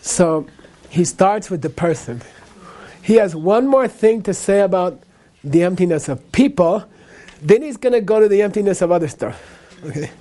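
A man's voice: sits high, lively intonation, normal speed, dark tone. A man teaching a Buddhist class in a loose, conversational way, checking in with "okay?" as he goes. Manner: conversational, frequent "okay?" and "you know".

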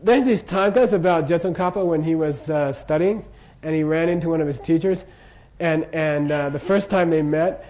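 A man's voice: on the high side, moderate pace, a little mellow. An older man giving an informal Buddhist lecture, casual and jokey, often checking in with his listeners. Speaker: Buddhist teacher. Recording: dull lo-fi lecture recording.

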